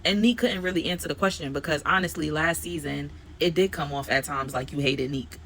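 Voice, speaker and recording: A woman's voice: sits low, fairly quick, fairly bright tone, slight background noise. A woman vlogger recapping a reality TV episode in a casual, slangy, conversational storytelling voice.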